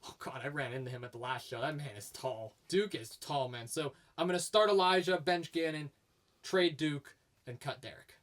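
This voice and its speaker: A man's voice: fairly high pitch, normal speed, fairly bright tone, recorded from a distance. A man co-hosting a casual podcast, easygoing and chatty with lots of fillers. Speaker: co-host. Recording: voice a bit off the mic.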